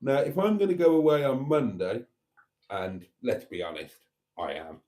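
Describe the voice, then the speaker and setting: In a mid-range voice with a dark tone and normal speed, a man hosts a casual livestream. He reads viewers' comments aloud and chats in a chatty, theatrical way, calling them darlings.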